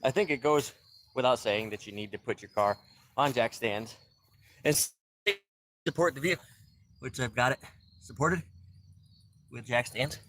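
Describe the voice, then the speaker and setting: Out in his backyard, a man livestreams a car repair, chatting loosely with viewers and greeting them by name while out of breath. His mid-range voice is a bit bright and moves at a normal speed, with frequent pauses, in this casual, rambling stream.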